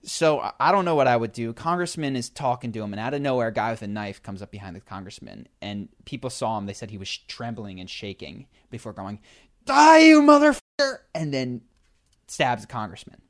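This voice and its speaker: A man telling a long story in a casual chat, animated, with many fillers and restarts. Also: on the low side, brisk.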